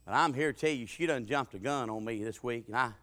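A middle-aged man preaching a sermon, telling folksy stories and swinging from hollering to quiet asides. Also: mid-range voice, fast.

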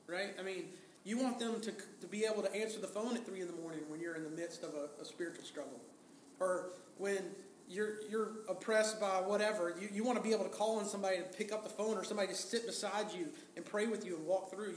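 A man's voice: sits high, brisk, reverberant, slight background noise. A man preaching a sermon as pastor, talking in a conversational way, asking the congregation rhetorical questions and acting out quotes.

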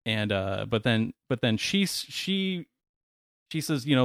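A man's voice: medium pitch, very animated, normal speed, dry recording. Guy rambling through a story on a podcast, lots of ums, dead dry room. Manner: rambling, lots of fillers and restarts. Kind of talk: casual storytelling chat.

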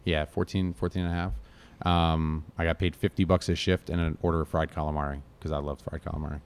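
Deep-voiced guy from connecticut, chef, rattles off kitchen stories quick. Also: clean tone. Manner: animated storyteller, acts out quotes. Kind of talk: casual chat.

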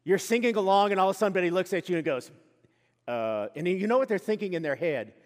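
Preacher in a reverberant church hall. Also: male voice, sits high, lively intonation, fast talker. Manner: earnest, conversational, swings between soft asides and loud emphatic lines. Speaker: pastor. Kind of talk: sermon. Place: church sanctuary.

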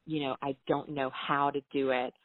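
A woman's voice: very deep voice, normal speed. A woman from the American South, a writer telling stories from her career in casual conversation and acting out quoted dialogue. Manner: animated, acts out quoted dialogue. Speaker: guest writer. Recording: tinny phone-like line.

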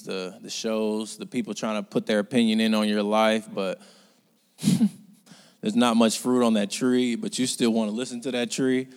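Male preacher, low voice, conversational sermon with loud urgent peaks, hall reverb. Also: moderate pace, clean tone.

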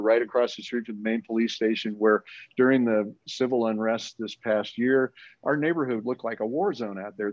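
A man's voice: medium pitch, dry recording. Earnest rambling man telling a story. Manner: earnest, rambling, full of restarts. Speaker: church planting leader. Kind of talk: conversational storytelling. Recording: muffled lo-fi audio.

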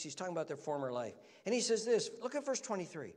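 High-voiced man preaching in a hall. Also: sing-song, quick pace, hardly any pauses, darkish tone. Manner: emphatic preaching, reads scripture aloud and explains it. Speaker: pastor. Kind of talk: sermon. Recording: long reverb of a large hall.

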